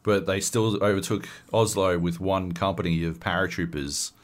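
A man hosting a podcast, chatting casually and swearing freely as he tells an animated story. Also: low-pitched, moderate pace. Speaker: podcast host. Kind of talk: casual chat.

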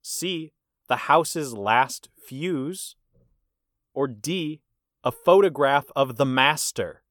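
A man hosting a casual movie quiz. He reads the answer options deliberately and teases his guest. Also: medium pitch, expressive, a bit bright, no room sound, clean studio sound. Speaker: quiz host. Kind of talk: casual podcast chat.

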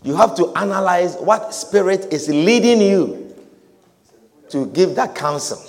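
A man preaching a sermon in church, fervent, repeating phrases for emphasis and at times shouting. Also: sits high, animated, unhurried. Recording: long reverb of a large hall.

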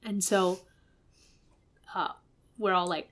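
A woman's voice: medium pitch, steady tone, measured pace, fairly bright tone. A woman hosting a podcast, animatedly recapping a story and quoting the characters as she goes. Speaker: podcast host. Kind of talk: casual recap with quoted voices.

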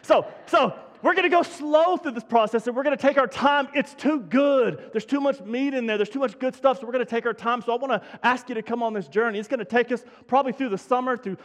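A man's voice: very high-pitched, fast, few pauses, a bit bright, long reverb tail. A man preaching a sermon as pastor, folksy and self-deprecating, with many restarts. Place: church sanctuary.

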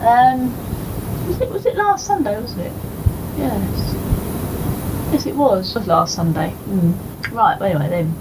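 A woman's voice: mid-range voice, expressive, a little slow, long pauses. A woman recording a polite, hesitant cassette tape message, with many fillers. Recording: hissy old cassette tape.

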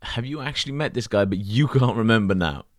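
A man's voice: fairly low pitch, a little fast, no echo, clean studio sound. A man co-hosting a podcast, rambling and joking with plenty of swearing. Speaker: podcast co-host. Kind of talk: casual crude banter.

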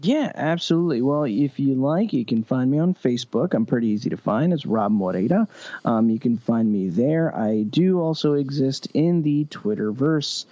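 A man who works as a voice actor, chatting easily as a podcast guest. His voice is mellow and dark, and the audio is dry and a little dull. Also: medium pitch, expressive, moderate pace, dry recording. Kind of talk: casual podcast chat.

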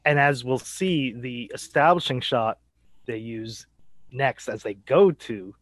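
A man's voice: mid-range voice, takes it slowly, a bit bright. A man co-hosting a podcast, chatting casually about a TV episode, agreeable and often laughing. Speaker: podcast co-host.

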